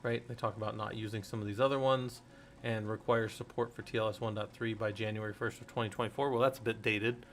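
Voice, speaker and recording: A man's voice: lowish voice, level tone, fast talker, slight background noise. A middle-aged man hosting a casual teaching stream, rambling and interrupting himself, laughing at his own jokes. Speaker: host.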